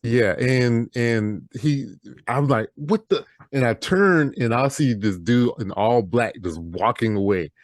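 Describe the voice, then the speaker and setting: A man co-hosting a podcast, telling a story in relaxed, casual chat. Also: medium pitch, unhurried, dry recording, clean studio sound. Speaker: podcast co-host.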